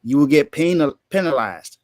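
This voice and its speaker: A man's voice: fairly high pitch, animated, normal speed, darkish tone, no room sound, clean studio sound. A man co-hosting a sports podcast who argues emphatically and often repeats his words. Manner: repeats himself, emphatic and incredulous. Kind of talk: casual sports talk.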